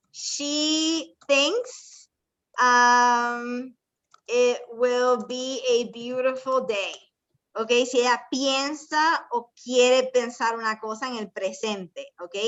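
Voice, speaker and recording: A woman's voice: on the high side, fairly bright tone, highs cut off. A woman teaching an English class, patiently explaining step by step, switching between English and Spanish, and quizzing her students. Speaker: ESL teacher. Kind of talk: bilingual classroom lesson.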